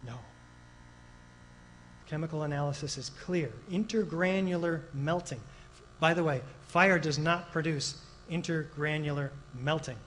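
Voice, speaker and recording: A man lays out technical findings in an earnest, lecturing tone, pausing for rhetorical questions and the odd filler. His voice sits somewhat high, with a faint hiss of noise behind it. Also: fairly bright tone, poor audio. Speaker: architect presenting evidence. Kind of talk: documentary lecture.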